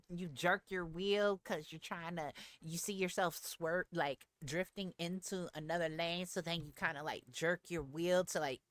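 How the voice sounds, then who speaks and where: A woman streamer telling a story to her live chat in a casual, animated way, laughing often. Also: on the low side, no room sound.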